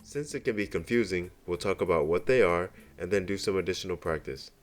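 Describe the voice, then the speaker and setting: Man, very low voice, slow careful lesson narration, faint music behind. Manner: slow, careful explaining with example phrases. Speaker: language teacher. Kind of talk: scripted narration.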